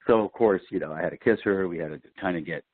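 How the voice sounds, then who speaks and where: Deep-voiced New man on a tinny line. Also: fast talker, no room sound. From Brooklyn, New York. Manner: animated storyteller, lively pitch jumps. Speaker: actor, interview guest. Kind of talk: casual interview. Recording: dry, tinny phone-like line.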